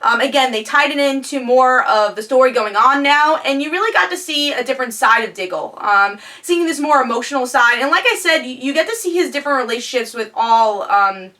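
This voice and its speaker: A woman's voice: high-pitched, expressive, fairly quick, few pauses, bright, forceful tone. A woman giving a casual spoken review of a TV episode, chatty, with lots of fillers and restarts.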